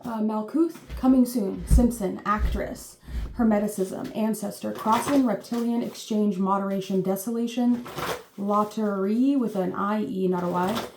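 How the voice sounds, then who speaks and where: A woman's voice: mid-range voice, fairly even intonation, a little slow. A woman giving a casual, meandering reading as host, chatty and full of fillers, swearing playfully now and then. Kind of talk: casual rambling live reading. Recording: roomy echo with faint noise.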